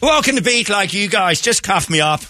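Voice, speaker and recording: A man's voice: high voice, animated, normal speed, bright, forceful tone, a little hiss or hum, pitched above the performer's own voice. A man voicing a cheerful Irish-accented fellow sweet-talking the police. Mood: jovial. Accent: put-on Irish.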